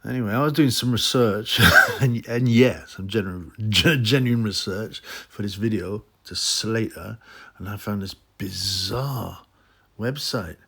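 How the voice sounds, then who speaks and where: A man's voice: a little slow, vocal fry, fairly bright tone, slightly rough. A man hosting a boxing channel, ranting in a mocking, rambling way with many fillers and restarts. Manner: slips into mocking high voices when quoting. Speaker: boxing commentary channel host. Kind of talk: ranting casual monologue.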